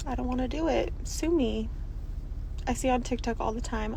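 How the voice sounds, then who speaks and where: A woman's voice: on the high side, moderate pace, vocal fry, dark tone, slight background noise, rough recording. A single mother venting in a selfie video from her parked car, frustrated and swearing hard.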